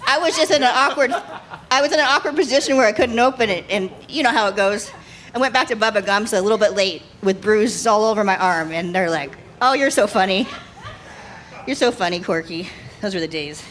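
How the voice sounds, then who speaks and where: Giggly bright-voiced woman comic. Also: medium pitch, a little fast, slight background noise. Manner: laughs through her own jokes. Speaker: stand-up comedian. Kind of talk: live stand-up set. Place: live comedy show stage.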